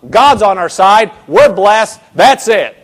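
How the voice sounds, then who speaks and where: A man's voice: high voice, animated, slow. A man preaching a sermon, emphatic, asking the congregation rhetorical questions and repeating words for emphasis.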